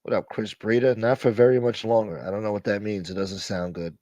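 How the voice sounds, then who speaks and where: A man hosting a casual livestream, thanking donors and shouting out viewers by name in a profane, joking way. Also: on the low side, steady tone, brisk, no room sound, clean studio sound. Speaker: livestream host. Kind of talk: casual live chat reading donations.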